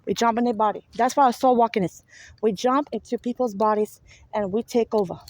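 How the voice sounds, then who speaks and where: Woman, New York accent, high voice, rambling and profane, repeats herself, talking from a car. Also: a little fast, darkish tone, no echo, poor audio. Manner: profane, repetitive, rambling, insistent. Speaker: spiritual vlogger. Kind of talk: rambling monologue to viewers.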